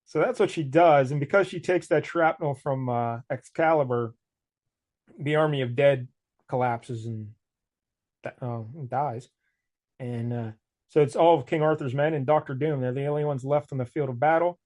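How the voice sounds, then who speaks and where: A man's voice: medium pitch, normal speed, a little mellow. A man co-hosting a podcast, casually recapping a comic book plot, laughing and slipping into mock voices for the characters. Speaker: podcast co-host.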